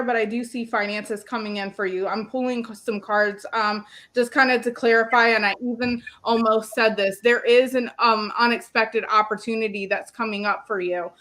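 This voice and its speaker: A woman's voice: on the high side, fairly bright tone. A woman doing psychic card readings on a live stream, chatty and full of ums, calling viewers "my love".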